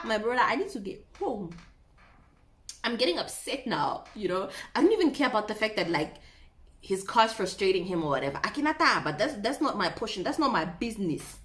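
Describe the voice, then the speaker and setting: A young woman tells a story to her viewers in a lively, swooping voice. She talks dramatically and keeps addressing her audience. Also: mid-range voice. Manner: animated, dramatic, mixes in Setswana phrases. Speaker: vlogger. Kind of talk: casual storytime.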